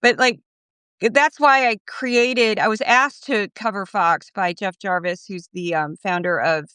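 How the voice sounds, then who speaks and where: A woman guest in a casual interview, her voice smooth and clear in a dry, close-miked sound. She tells her stories with animation and slips into other people's voices when she quotes them. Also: medium pitch, unhurried, bright, forceful tone, dry recording. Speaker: guest commentator.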